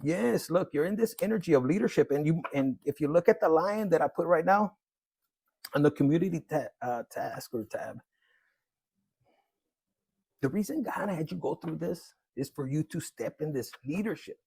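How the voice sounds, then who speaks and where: Gravelly high-voiced man reading tarot. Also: normal speed, no echo. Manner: animated, slangy, laughs often, acts out quoted voices. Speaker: tarot reader. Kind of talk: casual tarot reading monologue.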